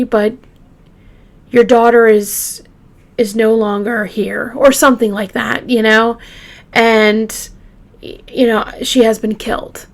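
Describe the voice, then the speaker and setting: A woman hosting a true crime show, retelling a case casually with halting fillers and restarts, openly shaken by the grim details. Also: fairly high pitch. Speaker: true crime podcast host.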